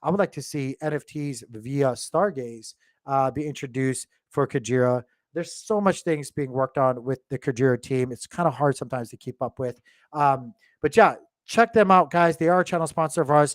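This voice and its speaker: A man's voice: mid-range voice, normal speed, no echo, clean studio sound. A man hosting a casual crypto market video, thinking aloud and rambling with lots of fillers. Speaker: crypto channel host. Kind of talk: casual market commentary to viewers. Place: home.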